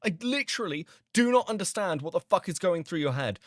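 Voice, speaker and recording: Male streamer, exasperated rant, lively high voice, dry close sound. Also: fairly quick, no echo. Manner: exasperated, swearing, incredulous laughter. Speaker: stream host reacting to a video. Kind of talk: angry reaction commentary.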